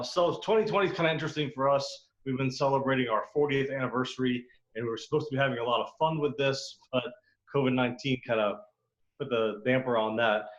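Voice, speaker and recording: Man, business pitch, salesy, fillers, muffled call audio. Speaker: restoration company owner. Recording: dull lo-fi video call audio.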